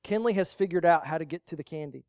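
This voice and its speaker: A pastor preaching a sermon, rising to loud emphatic lines and dropping to quiet, low asides, repeating key phrases. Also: fast, dry recording.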